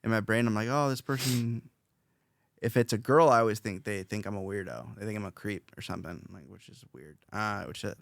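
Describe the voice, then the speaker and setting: Low gravelly man rambling casually. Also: fast talker, few pauses, no echo, clean studio sound. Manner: rambling, self-reflective, many fillers and restarts. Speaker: podcast host, interviewed as guest. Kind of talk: casual podcast chat.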